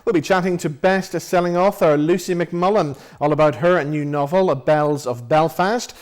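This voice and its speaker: A man's voice: on the high side, moderate pace, darkish tone. A man hosting a chat show, upbeat in his scripted intro and easy in his banter.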